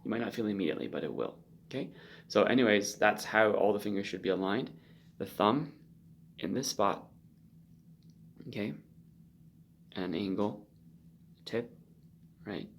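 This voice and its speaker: A man giving a spoken violin lesson, loose and conversational, often checking in with a quick "okay?". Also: lowish voice, lively intonation, a little hiss or hum. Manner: loose and conversational, frequent ums and check-in okays. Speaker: violin teacher. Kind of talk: spoken instruction with demonstration.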